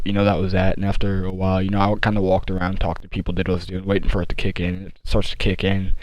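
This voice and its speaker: A teenage boy telling a story from his school days, rambling with many fillers and restarts, deliberately slowing his speech. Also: low-pitched, a little mellow, no echo, low-quality recording. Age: teens. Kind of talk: casual storytime monologue.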